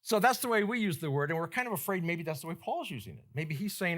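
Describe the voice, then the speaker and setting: A man's voice: high voice, animated, quick pace, hardly any pauses, a bit bright. A male pastor preaching a sermon in a conversational, emphatic way, slipping into quoted voices as he explains.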